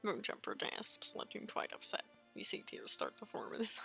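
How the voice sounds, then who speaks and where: A woman streamer reads a visual novel aloud, expressive and quick to giggle. Her voice is high and animated with a gravelly rasp. Faint game music plays underneath. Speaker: let's play streamer.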